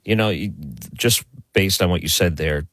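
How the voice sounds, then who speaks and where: A man's voice: deep voice, normal speed, fairly bright tone, dry recording. A man hosting an interview, curious, asking follow-up questions. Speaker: interview host.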